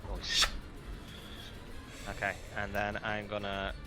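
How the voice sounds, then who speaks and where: Sharp, bright male player, halting and laughing. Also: fairly low pitch, completely flat delivery, faint music behind. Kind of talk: casual tabletop game play.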